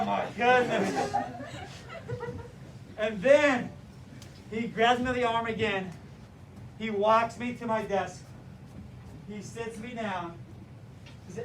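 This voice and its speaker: A man telling a story to a live audience, acting out the people in it with shouts and quick voices. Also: sits high, background noise. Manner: animated, acts out voices and shouts. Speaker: teacher trainer telling a story. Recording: echoey room, mic from far off.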